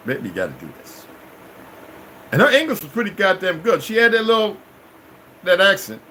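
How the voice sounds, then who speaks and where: A man's voice: high-pitched, pushed and bright, slight background noise, low-quality recording. A middle-aged man telling a long personal story as a vlogger, in a rambling, profane, emphatic way. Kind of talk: casual storytelling monologue.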